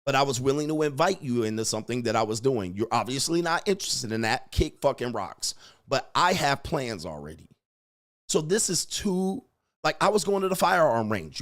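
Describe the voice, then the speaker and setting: A dating coach delivers blunt, emphatic advice in a casual monologue, swearing freely. His voice is fairly bright with lively intonation and a moderate pace, and he acts out quoted lines with rising pitch.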